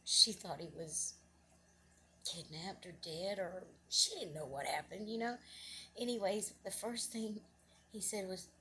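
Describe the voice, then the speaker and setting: A woman's voice: mid-range voice, unhurried, pushed and bright, a little hiss or hum. Earnest middle-aged woman telling a story. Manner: rambling, with many restarts and asides; earnest and emotional, voice rising when moved. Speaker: vlogger telling a personal story. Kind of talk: casual spoken storytelling.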